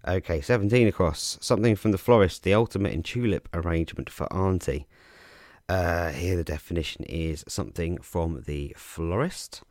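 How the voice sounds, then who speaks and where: Very deep gravelly man, casual. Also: moderate pace, no room sound, studio quality. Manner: relaxed, chatty, frequent ums and self-corrections. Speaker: podcast host explaining crossword clues. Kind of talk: casual explanatory talk.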